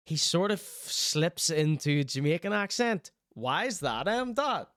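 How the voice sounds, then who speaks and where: Teasing man, smooth voice. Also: a little high, animated, slow, hardly any pauses, a bit bright, no room sound, clean studio sound. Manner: chatty, teasing, mock-concerned asides. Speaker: host reacting to clips. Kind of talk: casual reaction commentary.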